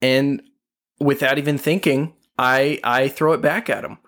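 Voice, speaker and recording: A man hosting a casual Christian podcast, affirming his co-host and reading scripture slowly and deliberately. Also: mid-range voice, steady tone, fairly bright tone.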